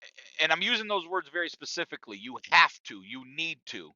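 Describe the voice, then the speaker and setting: A middle-aged man hosts a podcast in a loose, profane monologue aimed straight at his listeners. His voice is very bright and a touch high. The sound is dry and dull, like a lo-fi home setup. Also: sing-song, a little fast, no room sound. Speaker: podcast host. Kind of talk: casual monologue.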